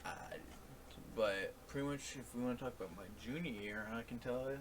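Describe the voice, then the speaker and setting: A young man in casual podcast chat, telling stories and getting loud and laughing as they build. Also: medium pitch, fairly quick. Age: young adult. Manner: animated storyteller, gets loud and laughs while telling stories. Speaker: podcast co-host.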